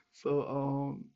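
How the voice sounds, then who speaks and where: In a casual storytelling monologue, a young podcast host wanders through a personal tale, stuffed with fillers and side remarks. His voice is mid-range, creaky, and mellow, heard through lo-fi sound.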